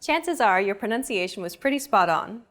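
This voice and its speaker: Lesson host, woman, clear measured scripted narration, medium pitch. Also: expressive, background noise.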